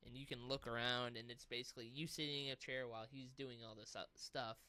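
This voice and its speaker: A man co-hosting a casual gaming podcast, telling stories in an animated, profane way. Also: mid-range voice, fast talker, dry recording. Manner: animated storytelling with swearing and laughs. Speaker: podcast co-host.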